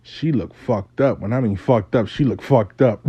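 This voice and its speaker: A man's voice: medium pitch, normal speed, slightly rough, dry recording, lo-fi sound. A man telling a story in a casual, profane, streetwise way, speaking as host.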